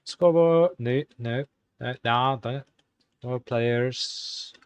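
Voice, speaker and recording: A man hosting a live stream, talking casually and halting as he types commands. He mutters to himself and corrects himself, all in an exaggerated put-on Irish accent. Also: mid-range voice, flat delivery, fairly bright tone, clean tone, no echo. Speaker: live-stream host coding game commands. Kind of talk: casual live-stream commentary while typing.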